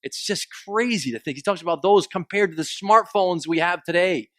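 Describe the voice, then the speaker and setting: Male pastor, casual joking sermon delivery, slightly higher voice, dry close sound. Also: normal speed, fairly bright tone, no echo. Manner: conversational, joking with congregation, acts out quoted complaints.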